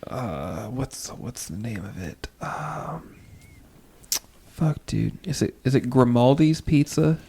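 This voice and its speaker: A man's voice: mid-range voice, expressive, slow, gravelly, mellow, breathy edge. A young man from the western United States co-hosting a podcast, talking casually with an easygoing, hesitant manner and frequent laughs. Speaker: podcast co-host. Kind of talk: casual chat.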